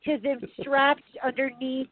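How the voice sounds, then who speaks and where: A woman's voice: high-pitched, flat delivery, unhurried. Laid-back foul-mouthed woman on the phone. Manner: laid-back, swears, laughs between lines. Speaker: podcast co-host. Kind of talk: casual crude chat. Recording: phone-like line with crowd noise behind.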